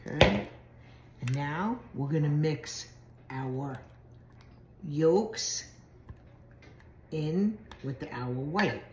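Brief: low, unhurried woman narrating a home cooking demo, roomy kitchen with noise behind. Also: lively intonation. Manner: chatty, step-by-step narration. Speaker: home cook. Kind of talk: casual cooking demonstration.

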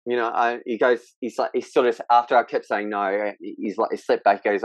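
A man, speaking as a podcast guest in candid conversation, halting and emotional with frequent restarts. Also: fairly low pitch, level tone, no room sound, lo-fi sound.

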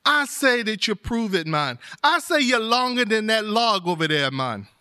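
A man's voice: high voice, very animated, normal speed, pushed and bright, heavily acted. A man voicing a sly, clever male spider trickster, coaxing and crafty.

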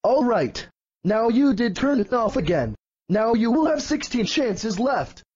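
Guy doing a super high squeaky mad dinosaur, voice bouncing all over, dry close sound, nagging nonstop. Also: very animated, a little slow, darkish tone, slightly rough, dry recording, highs cut off, heavily acted. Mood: scolding. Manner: scolding, repeats threats. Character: angry purple dinosaur, male, fed up.

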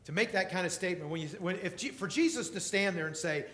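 A male pastor preaching a sermon, emphatic, swinging between loud passages and quiet ones. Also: sits high, fast, reverberant. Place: church.

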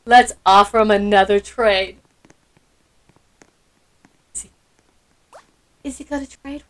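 A woman's voice: medium pitch, takes it slowly, fairly bright tone, poor audio. A woman hosting a gameplay video, gushing with sweet enthusiasm and gasping often. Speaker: channel host. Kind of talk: excited gameplay commentary.

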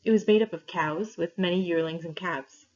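A woman reading a story aloud to her class, clear and steady, pausing for questions. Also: on the low side. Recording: dull lo-fi recording.

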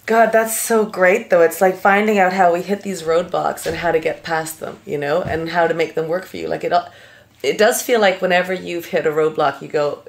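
A woman's voice: fairly low pitch, fairly even intonation, normal speed, gravelly. A woman hosting a podcast, chatting casually with her guest and reacting with short replies. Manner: frequent short backchannel replies. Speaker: podcast host. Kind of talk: casual interview chat.

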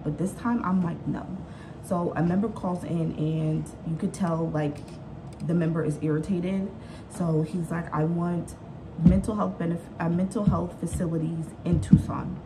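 A young woman with a drawl talks straight to the camera at home, loose and slangy and never holding back while she vents. Her voice sits low for a woman, and steady household noise runs clearly behind her. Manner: candid, slangy, venting with heated retelling. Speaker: vlogger working from home. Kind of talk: casual vlog chat.

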